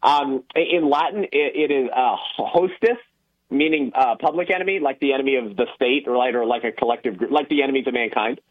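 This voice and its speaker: A man's voice: mid-range voice, a little fast, narrow, tinny audio. A man explaining ideas earnestly as a guest on a radio talk show, with many ums and uhs.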